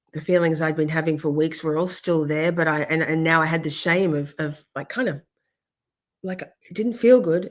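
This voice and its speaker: On a livestream, a young adult woman with a lowish voice vents emotionally about something personal. She rambles, cuts herself off, and swears a lot, all while thanking viewers in the chat.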